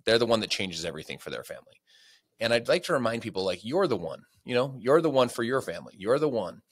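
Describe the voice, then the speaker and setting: A man's voice: mid-range voice, very animated, quick pace, breathy edge. A man as a podcast guest, telling a story with energy and closing with a motivational speech. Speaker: guest, sales leader.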